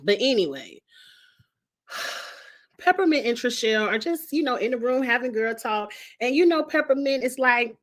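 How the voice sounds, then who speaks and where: A woman's voice: fairly high pitch, moderate pace. A woman recapping a reality TV show in a casual vlog, chatty and slangy, cursing freely and talking straight to her viewers. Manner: animated, talks straight to viewers. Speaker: reality TV reviewer.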